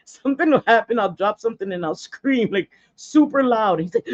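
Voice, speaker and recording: A woman's voice: medium pitch, lively intonation, normal speed, darkish tone, dry recording, lo-fi sound. Blunt, gossipy woman doing her makeup. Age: 40s. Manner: blunt, gossipy, dramatic asides. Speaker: makeup vlogger. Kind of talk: casual chatty makeup tutorial.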